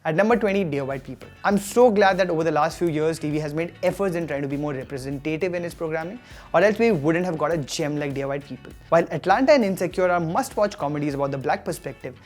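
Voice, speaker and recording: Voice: mid-range voice, fast, a little mellow, faint music behind. A host of an online TV review show, delivering a scripted countdown with enthusiastic, jokey asides.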